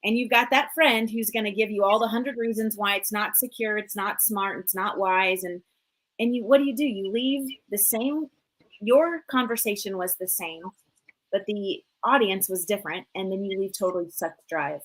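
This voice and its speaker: A woman in her forties hosting a live motivational talk show, energetic and chatty, full of "like" and "you know". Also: medium pitch, moderate pace, low-quality recording. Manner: energetic, chatty, many fillers. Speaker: host and coach.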